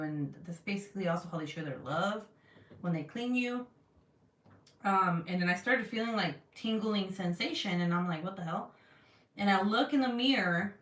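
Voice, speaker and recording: A chatty woman vlogging to her viewers in a loose, rambling way, with plenty of likes and ums. Her voice turns lively when she acts out what others said. She sits back from the mic, in a room with a clear echo. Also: fairly low pitch. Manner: chatty, lots of fillers, animated when quoting others. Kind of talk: casual chat to camera. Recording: echoey room, voice a bit far from mic.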